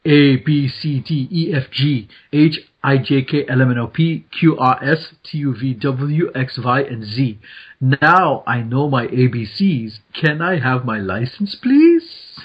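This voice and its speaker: A hammy German-accented man rattles off corny puns in a jokey sing-song, as a man puts on the accent. The voice is husky and unhurried. The recording sounds dull and lo-fi. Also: medium pitch, lively intonation. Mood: goofy.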